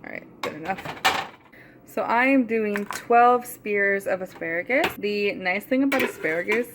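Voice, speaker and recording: In her home kitchen, a young woman vlogs casually into the camera mic, rambling and laughing often as she chats. She speaks at a moderate pace with a medium-pitched voice, over a noisy background.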